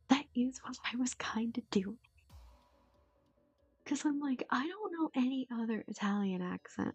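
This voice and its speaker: A young woman with a husky, gravelly voice chats loosely on a stream, wandering between thoughts with plenty of fillers and the odd curse word. The audio is dull and lo-fi, with faint music underneath. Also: medium pitch, a little mellow, dry recording. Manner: rambling, swears casually, many fillers. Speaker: voice actor streamer. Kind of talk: casual stream chat.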